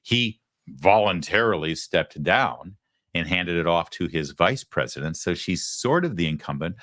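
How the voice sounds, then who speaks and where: Male political talk host, deep voice, dry close sound, sarcastic and emphatic. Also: lively intonation, measured pace, fairly bright tone, dry recording. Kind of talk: opinionated commentary.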